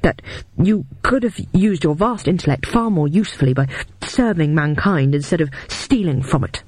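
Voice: medium pitch, lively intonation, moderate pace, a little mellow, slightly rough, no echo. A narrator voicing a weary, decent older man speaking earnestly to his captor.

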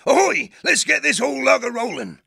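A man voicing a big, brawny male otter leader who gives bluff, hearty orders in a gravelly voice. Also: very high-pitched, big pitch swings, normal speed, sharp tone, no echo, studio quality, voice pushed up, full character voice. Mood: urgent.

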